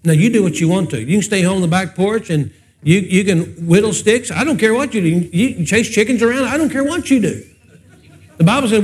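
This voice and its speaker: High-voiced folksy preacher. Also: male voice, a little fast. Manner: folksy, chatty, asks the congregation questions. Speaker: pastor. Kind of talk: humorous preaching with personal stories.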